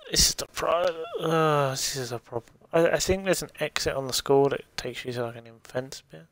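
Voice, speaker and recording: Gravelly man streaming a game. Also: on the high side, moderate pace, a bit bright, no echo. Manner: swears casually, thinks aloud. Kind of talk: casual gameplay commentary.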